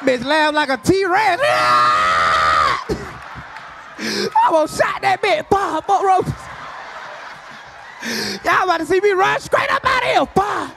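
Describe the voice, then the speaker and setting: A man roasting a live crowd as a stand-up comedian, loud and brash, often shouting his jokes on a club stage. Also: very high-pitched, huge pitch swings, slow, vocal fry, a little hiss or hum. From Atlanta, US.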